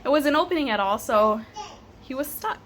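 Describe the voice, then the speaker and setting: A young woman in her twenties telling a personal story to camera, animated and laughing, with casual swearing. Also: sits high, moderate pace, slight background noise. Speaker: vlogger.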